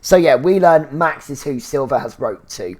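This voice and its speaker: A man hosting a casual episode review, chatty and full of fillers, with bursts of excited exclamation. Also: on the high side, moderate pace. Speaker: TV review show host.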